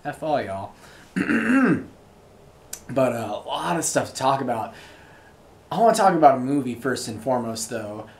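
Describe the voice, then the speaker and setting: A man's voice: mid-range voice, sing-song, unhurried, pauses often. A young man hosting his own show, rambling through a casual monologue full of fillers. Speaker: show host. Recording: roomy echo, faint ambience.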